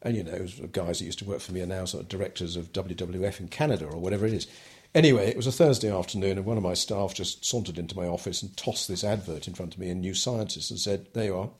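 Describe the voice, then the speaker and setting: A man's voice: low-pitched, fast talker, hardly any pauses, a little mellow, breathy edge. An older man telling his story in an interview, talking hesitantly with many ums and restarts. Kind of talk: relaxed oral history interview.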